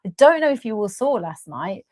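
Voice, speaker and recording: A woman from Solihull co-hosting a casual political chat, playful and loud, laughing often. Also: medium pitch, very animated, normal speed. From Solihull, West Midlands. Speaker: co-host.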